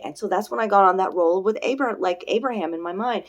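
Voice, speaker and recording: Giving a spiritual oracle card reading, a woman rambles earnestly, checking in with "you know" and "okay?" and slowing down on her affirmations. Her voice is medium in pitch and a little mellow.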